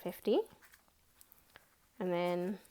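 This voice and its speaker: A woman in her twenties with an Australian accent, chatting excitedly and counting money aloud in a casual budgeting vlog. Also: on the low side, very slow, clean tone. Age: 20s. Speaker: budgeting vlogger. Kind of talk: casual chat.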